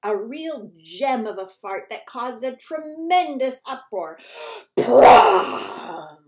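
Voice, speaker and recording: A woman librarian reading a picture book aloud to children, animated and theatrical, dropping into whispers for suspense. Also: a little high, slow, a little hiss or hum. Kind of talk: children's read-aloud storytelling.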